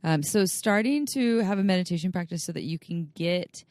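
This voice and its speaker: A woman's voice: lowish voice, a little fast, a little mellow, no room sound. A woman co-hosting a casual podcast, talking in an earnest, coaching way with frequent restarts. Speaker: podcast co-host.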